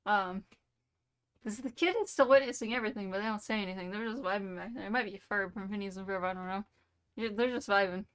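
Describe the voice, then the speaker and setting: Young woman rambling a silly story on stream, playful, fillers everywhere, ordinary pitch. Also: quick pace, smooth. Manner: rambling, playful, full of "like" and "you know". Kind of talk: rambling made-up story while live streaming.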